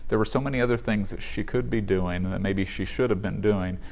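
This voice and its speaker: A man's voice: on the low side, a little fast, vocal fry, darkish tone. A male pastor giving a sermon in an earnest, conversational way in a church sanctuary.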